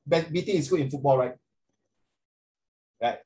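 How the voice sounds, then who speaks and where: Animated Singaporean man teaching a class. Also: on the high side, normal speed. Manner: animated, code-switching, questions students by name. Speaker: tutor. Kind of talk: online class lesson.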